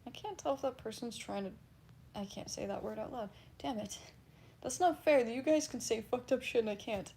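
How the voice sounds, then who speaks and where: A woman's voice: on the high side, moderate pace, warm tone, slight background noise. A woman livestreamer casually reading and answering chat, blunt and laughing, swearing freely.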